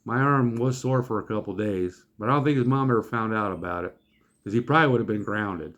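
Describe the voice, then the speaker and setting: Animated, folksy male storyteller. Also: on the low side, fairly quick. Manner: animated, folksy and joking, with swearing. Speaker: channel host telling a story. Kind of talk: casual storytelling to camera.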